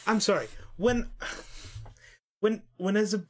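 A man co-hosting a podcast in casual chat, sarcastic and quick to laugh. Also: high-pitched. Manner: animated, sarcastic, laughs often. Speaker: podcast co-host.

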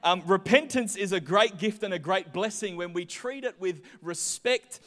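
Young male pastor, high voice, lively storyteller, long hall reverb. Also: normal speed. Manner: chatty, animated storytelling with voiced asides. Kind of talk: sermon with personal stories.

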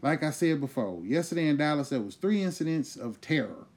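A man hosting a comedy podcast, ranting loudly and profanely in a casual, riled-up way. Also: a little high, expressive, a little fast. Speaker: host.

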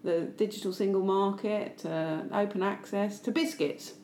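A woman hosting a podcast, chatty and quick to agree with her guests. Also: medium pitch, fairly even intonation, darkish tone. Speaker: podcast host. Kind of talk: casual podcast chat. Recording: roomy room with faint hiss.

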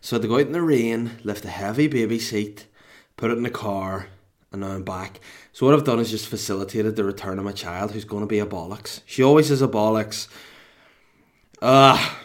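A man's voice: fairly low pitch, a little fast. A man with a Scottish accent telling a rambling, sweary story at home with comic exasperation. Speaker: dad telling a story to camera. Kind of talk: casual rambling anecdote.

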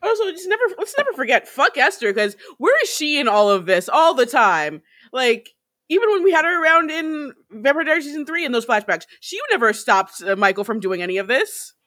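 A woman's voice: sits high, very animated, brisk, a bit bright, dry recording, clean studio sound. A woman co-hosting a casual podcast, making wry, blunt jokes about a show. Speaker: podcast co-host. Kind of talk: casual chat.

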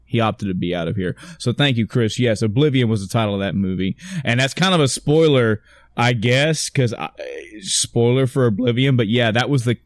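A man hosting a casual podcast, rambling and swearing freely between bursts of laughter. His voice sits at an ordinary middle pitch. The recording is dry and close, with no room sound. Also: moderate pace, dry recording. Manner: rambling, profane, laughing often. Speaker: podcast host.

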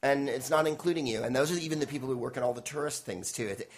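A middle-aged man, a stand-up comedian and guest, telling rambling, animated stories in casual conversation and acting out other people's voices. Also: medium pitch, quick pace, breathy edge. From United States (San Francisco).

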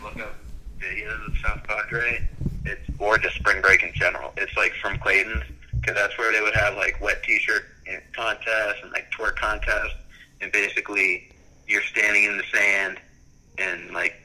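A man's voice: lowish voice, flat delivery, moderate pace, sharp tone, low-quality recording. A young man in casual chat, rambling through stories with lots of "like" and frequent laughs. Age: young adult.

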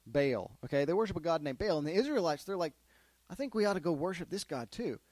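Man, children's Bible teacher, quizzes the kids, higher voice, dry close sound. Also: quick pace, no room sound. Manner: asks the kids questions, animated storytelling. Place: classroom with children.

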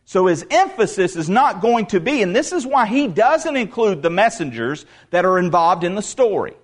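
A man's voice: high voice, big pitch swings, moderate pace. A male pastor preaching a sermon in an emphatic way, repeating words for stress.

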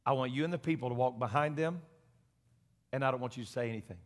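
A pastor voicing God as a calm, commanding male deity, speaking plainly and quietly within his sermon. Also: medium pitch, fast, in a large hall, pitched below the performer's own voice, natural voice. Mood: calm, matter-of-fact. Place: church sanctuary.

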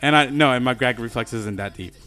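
A man's voice: mid-range voice, brisk, bright, forceful tone. A young man telling a rambling, profane story in casual podcast chat, full of fillers and restarts. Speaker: podcast co-host.

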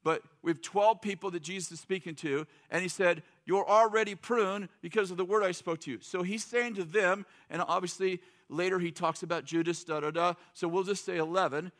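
A man's voice: high voice, fairly even intonation, a little fast, few pauses, fairly bright tone. A middle-aged man preaching a sermon in a loose, joking, conversational way, acting out quotes. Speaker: pastor.

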